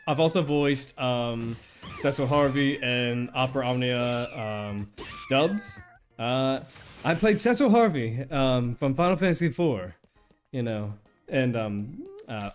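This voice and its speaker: Rambling, animated male game streamer. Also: medium pitch. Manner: rambling, laughs often, restarts sentences. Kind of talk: casual gameplay chat.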